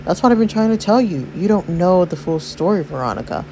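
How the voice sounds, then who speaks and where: A woman voicing a middle-aged police chief father who gently and carefully confides an old family secret to his daughter. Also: on the low side, lively intonation, brisk, slight background noise, low-quality recording. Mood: earnest.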